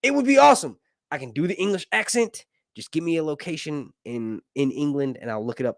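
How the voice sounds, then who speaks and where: A man's voice: on the high side, sing-song, fast, no room sound, studio quality. A man hosting a casual live stream, reading viewer messages aloud and chatting with lots of laughs and energy. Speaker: livestream host.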